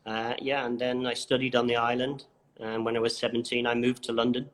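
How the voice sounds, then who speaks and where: A man from the Isle of Man, a chef being interviewed, talking in a relaxed and modest way. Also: mid-range voice, a little fast. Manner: relaxed, modest, many fillers. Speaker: chef, guest. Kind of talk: casual interview chat.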